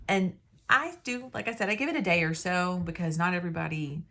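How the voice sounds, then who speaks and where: A woman talks straight to her viewers in a casual, rambling way, restarting sentences and trailing off. Her voice sits a little low for a woman. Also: brisk, bright, forceful tone. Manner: rambling, chatty, self-interrupting. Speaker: independent sales consultant. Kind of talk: casual talking-to-camera advice.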